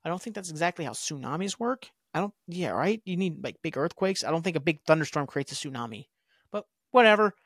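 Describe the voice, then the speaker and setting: A man's voice: on the high side, expressive, fairly quick, a bit bright, breathy edge, dry recording, studio quality. A young man hosting a podcast, casually recapping a TV episode with rambling, offhand asides. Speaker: podcast host.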